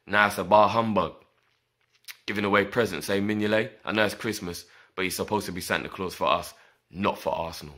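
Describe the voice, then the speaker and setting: A man giving his opinion as a fan, weary and deflated, speaking in a drawn-out way. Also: sits low, steady tone, bright, forceful tone.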